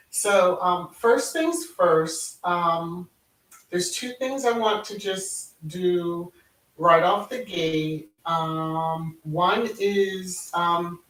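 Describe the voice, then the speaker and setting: A woman's voice: on the low side, slow pace, distant mic. A woman hosting a casual livestream, chatty, with sing-song greetings and many ums. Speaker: livestream host. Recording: roomy echo, voice set back from the mic.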